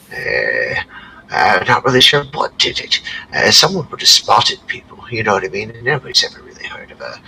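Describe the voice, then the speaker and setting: A man's voice: sits low, vocal fry, sharp tone, voice pushed up, exaggerated voice. A man voicing a brusque, scolding woman innkeeper in a tabletop game. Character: stern, sharp-tongued woman innkeeper. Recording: distant mic, faint background noise.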